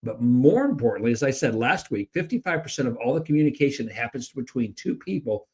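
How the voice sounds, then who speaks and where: Energetic man coaching on sales. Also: fast talker, husky. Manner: energetic, acts out excited and flat sales pitches; repeats words often when starting sentences. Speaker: podcast co-host and sales trainer. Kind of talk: casual podcast conversation.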